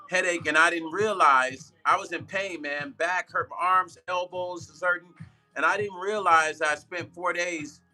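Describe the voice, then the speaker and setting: A man's voice: fairly high pitch, sharp tone. A man hosting a live stream as a music producer. He chats loosely with viewers, repeats himself for emphasis and laughs at his own slips.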